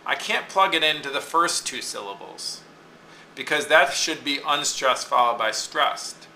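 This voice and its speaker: A man's voice: mid-range voice, lively intonation, measured pace, creaky, sharp tone, roomy sound, slight background noise, low-quality recording. A man teaching a lesson, explaining step by step and often checking in with "okay?". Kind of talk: classroom lecture on poetic meter.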